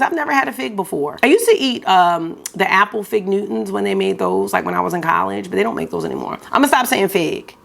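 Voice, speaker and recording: A woman's voice: mid-range voice, creaky. A woman, chatting casually and gushing to viewers as a beauty vlogger. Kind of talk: casual haul chat to camera.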